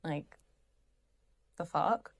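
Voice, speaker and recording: Sarcastic woman ranting to camera. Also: very slow. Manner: sarcastic, exasperated, swears freely; rambling with restarts and asides. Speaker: channel host. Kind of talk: ranting commentary.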